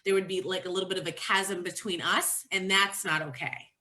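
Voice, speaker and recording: Bright-voiced woman, emphatic guest in a casual chat. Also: on the low side, a little fast. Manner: animated, emphatic. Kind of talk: casual conversation.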